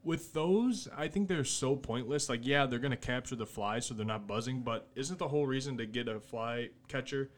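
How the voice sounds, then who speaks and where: A man's voice: medium pitch, normal speed, few pauses. A man co-hosting a casual comedy podcast, joking crudely and laughing often. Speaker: podcast co-host.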